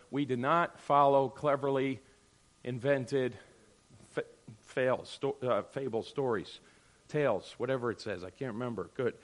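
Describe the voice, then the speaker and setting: A man leading a conversational Bible study, acting out imagined voices and swinging from loud bursts to quiet asides. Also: on the high side, a little slow. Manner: animated, acts out quoted voices, sudden drops to near-murmur. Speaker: Bible teacher.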